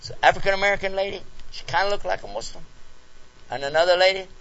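A man speaking at a talk, telling a personal story in an animated way and acting out the scenes. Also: sits high, fast, creaky. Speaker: lecturer answering questions. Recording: dull lo-fi recording.

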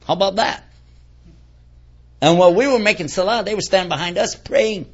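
A man's voice: sits high, brisk. A man giving a conversational religious lecture, a folksy preacher who keeps quizzing his audience. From United States. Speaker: Islamic preacher. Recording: dull lo-fi recording.

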